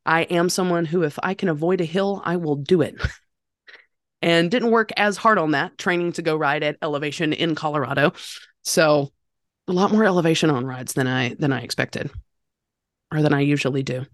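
A woman from North Carolina, appearing as a podcast guest, tells stories in a casual chat, self-deprecating and laughing as she goes. Her voice is deep and moderately paced, recorded with clean studio sound and no room sound.

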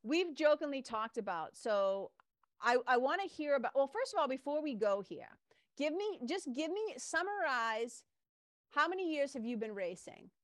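A woman hosting a podcast, telling stories in a lively casual way and swearing now and then. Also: high-pitched, normal speed, no room sound, studio quality. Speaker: podcast host. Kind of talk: casual interview chat.

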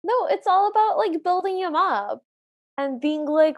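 A woman's voice: very high-pitched, expressive, moderate pace. A woman co-hosting a podcast, chatting casually and stating her opinions and dislikes plainly. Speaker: podcast co-host. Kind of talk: casual chat.

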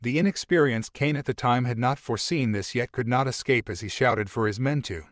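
A man narrating an amateur fantasy story, reading in a halting, stumbling way. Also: medium pitch, no echo, studio quality.

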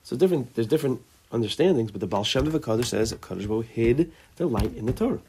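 A man's voice: mid-range voice, lively intonation, fast talker, warm tone, slightly rough. A man leading an informal religious study group, thinking aloud, restarting phrases and mixing Hebrew terms into his English. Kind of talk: informal Torah class.

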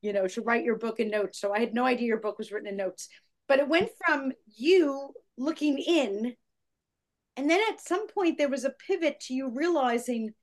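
A woman host with a high-pitched voice talks with a guest. She is effusive and enthusiastic, and she heaps praise in an easy, chatty way. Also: normal speed. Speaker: podcast host. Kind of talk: conversational interview.

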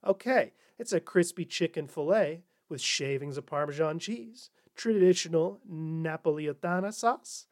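Man, comedy podcast host, sarcastic, lively, fairly high voice. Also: measured pace, hardly any pauses. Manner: sarcastic, mock-corporate voices, animated. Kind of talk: satirical comedy monologue.

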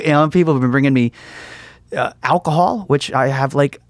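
A man's voice: mid-range voice, fairly quick, no echo. A young man, a store owner, chatting casually in an interview, acting out what others said and laughing often. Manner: chatty storyteller, acts out quotes, laughs often. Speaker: comic book store owner.

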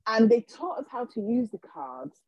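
A woman, a guest on a podcast, telling her personal story in an animated way and acting out what people said to her. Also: on the high side, moderate pace, slightly rough, no room sound, low-quality recording. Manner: animated, acts out quoted dialogue. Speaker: guest, healer and intuitive.

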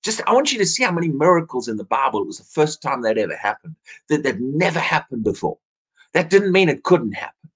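A man's voice: a little high, sing-song, fast, husky. A man preaching an evening sermon, earnest, often repeating words as he restarts his phrases.

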